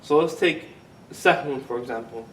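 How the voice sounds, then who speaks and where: A man teaching an Arabic grammar class, asking the students questions, having them repeat words and drawing words out slowly to model them. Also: recorded from a distance. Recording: echoey classroom recording with faint rumble.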